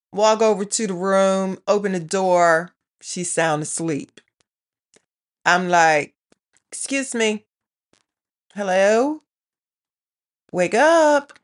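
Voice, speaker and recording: Middle-aged woman, casual vlog storytelling, rambling and chatty, slightly low voice. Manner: chatty, rambling, quotes herself and her daughter. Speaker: vlogger.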